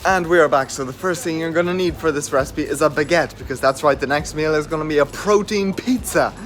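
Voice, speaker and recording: A man's voice: fairly high pitch, a little fast, fairly bright tone, faint music behind. A young man giving a casual, joking voiceover for his recipe video as a fitness vlogger. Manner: chatty, joking, informal.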